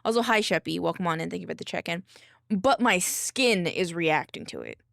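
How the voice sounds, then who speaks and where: Gravelly, chatty woman streamer. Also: fairly low pitch, fairly quick, a bit bright, no room sound, clean studio sound. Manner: rambling, with many likes and restarts. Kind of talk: casual chat while working.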